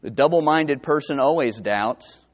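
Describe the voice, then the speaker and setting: A man from New Jersey with a New Jersey accent, preaching a sermon that swings from hushed to emphatic. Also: medium pitch, measured pace. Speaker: pastor. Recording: dull lo-fi sermon recording.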